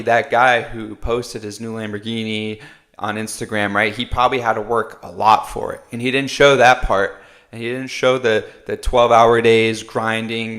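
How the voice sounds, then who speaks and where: A man hosting a live stream, talking about motivation in a relaxed, conversational way. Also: lowish voice. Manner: relaxed and conversational, with filler tags. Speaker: host. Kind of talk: casual motivational talk.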